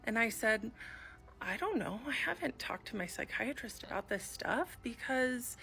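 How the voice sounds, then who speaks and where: A woman's voice: on the high side, sing-song, unhurried, vocal fry, pushed and bright. A woman telling a personal story in confessional style, acting out the dialogue she quotes. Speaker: video storyteller.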